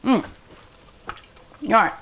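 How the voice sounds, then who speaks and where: A woman's voice: very slow, fairly bright tone. A middle-aged woman hosting a cooking show from a restaurant kitchen, chatting eagerly and emotionally with her viewers while she cooks and tastes. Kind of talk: casual cooking show chat.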